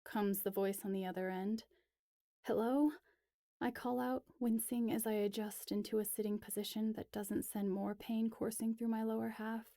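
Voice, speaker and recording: A woman reading a first-person story aloud, slow and measured. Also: mid-range voice, little pitch movement, warm tone, no echo, studio quality. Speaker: reader.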